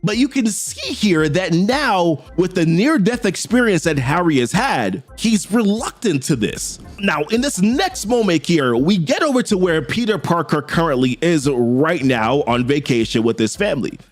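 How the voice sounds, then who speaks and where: A man recapping a comic-book story in a casual, chatty, animated way. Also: fairly high pitch, normal speed, hardly any pauses. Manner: animated, chatty, frequently says "he's like".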